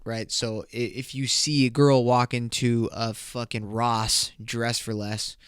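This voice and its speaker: A man's voice: mid-range voice, little pitch movement, slow pace, fairly bright tone, smooth, no echo, studio quality. A man hosting a podcast in loose, profane, joking casual chat. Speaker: podcast host.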